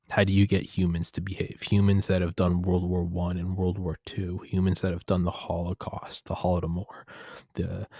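Low-voiced man rambling, profane. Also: darkish tone, no room sound, clean studio sound. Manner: profane, digressive, restarts often. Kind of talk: casual rambling monologue.

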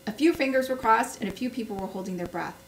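A woman's voice: fairly high pitch, fast, echoey room, distant mic, slight background noise, low-quality recording. Woman reading a cozy mystery aloud. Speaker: book club host reading aloud.

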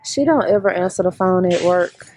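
A woman's voice: fairly low pitch, moderate pace, slight background noise. A middle-aged woman, talking casually to camera in a daily vlog, chatty and laid-back. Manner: chatty and laid-back, loud and excited at times. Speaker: vlogger.

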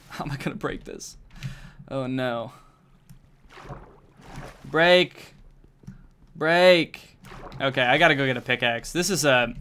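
Keys clack in the background as this medium-pitched young man streams a game, with slight background noise in the recording. Jokey and excitable, he talks both to himself and to his chat in a casual way.

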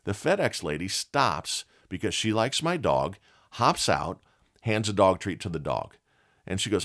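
Folksy, animated middle-aged man. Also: brisk. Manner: blunt, folksy storytelling with lively swings in pitch. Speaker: podcast host. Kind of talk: motivational talk.

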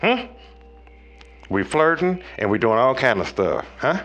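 A man giving a preachy tarot reading in a slangy, profane way, talking straight to viewers and swinging between loud highs and low murmurs. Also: very animated, a little slow, muffled recording, faint music behind. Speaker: tarot reader.

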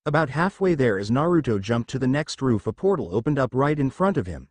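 A man reads a fan-written story aloud with steady, expressive narration. His intonation moves in a lively way around a middle pitch. The audio is dry, with no room echo. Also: fairly quick. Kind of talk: fanfiction reading.

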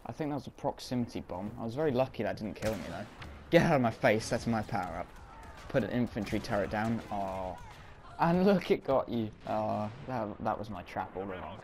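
A man's voice: on the low side, animated, brisk, darkish tone, a little hiss or hum. Chatty man narrating his gameplay. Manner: chatty, self-mocking, reacts on the fly. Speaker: gaming commentator. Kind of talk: casual gameplay commentary.

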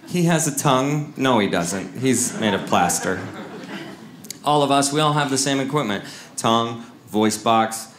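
A man's voice: on the low side, background noise. A man from Seattle doing stand-up comedy, wry and self-mocking, acting out voices in his stories. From Seattle, USA. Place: comedy club stage. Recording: roomy club sound with ambience.

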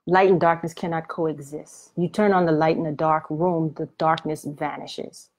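A woman's voice: sits low, flat delivery, moderate pace, a little mellow. Colloquial preaching woman. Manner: colloquial, emphatic preaching with informal grammar. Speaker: Christian author and Bible teacher. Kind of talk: preaching video.

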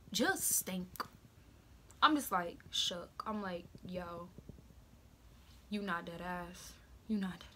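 A woman's voice: mid-range voice, sharp tone, slight background noise. A teenage girl vlogger telling a story in casual slang, acting out what people said.

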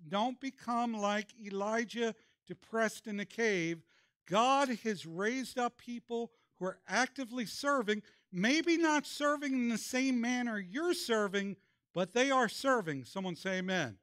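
A man with a strikingly high voice preaches a sermon. He keeps calling on the congregation to respond. The sound is close and dry, with little room around it. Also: unhurried, a bit bright, dry recording. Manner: preaching with call-and-response prompts. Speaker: pastor. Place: church.

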